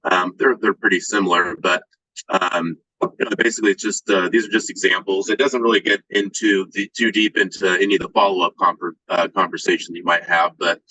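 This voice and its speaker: A man presenting examples in a training call, hesitant and filling pauses with "you know" and "um". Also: low-pitched, steady tone, pushed and bright, no echo, rough recording. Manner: hesitant, many fillers.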